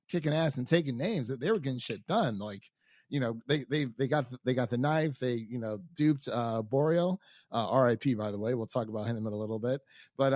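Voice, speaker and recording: A man's voice: mid-range voice, a little mellow, dry recording, studio quality. A man co-hosting a casual TV recap podcast, enthusiastic, acting out his own reactions as he talks. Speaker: podcast co-host.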